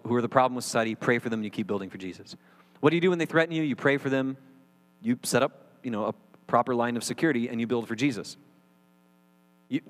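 Animated male pastor in a reverberant hall. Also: mid-range voice. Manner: animated, jokey, mocking asides. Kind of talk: sermon. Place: church hall. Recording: reverberant hall with mains hum.

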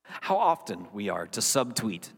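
A man's voice: on the low side, very animated, measured pace, husky, big-room sound. A man preaching a sermon as the pastor, earnest and conversational, with wry asides to his congregation.

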